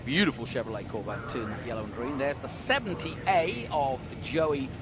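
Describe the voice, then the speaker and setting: A man's voice: medium pitch, animated, a little fast, a crowd in the background. A man commenting live on a motor race, chatty and enthusiastic, with friendly asides about the cars. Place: outdoors at a race track.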